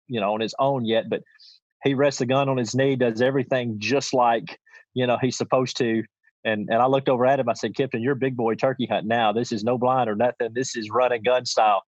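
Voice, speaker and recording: A man's voice: mid-range voice, no echo. A middle-aged man, telling a hunting story in a folksy, rambling way full of restarts. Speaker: podcast guest, champion goose caller. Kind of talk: casual storytelling. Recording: dull lo-fi dry sound.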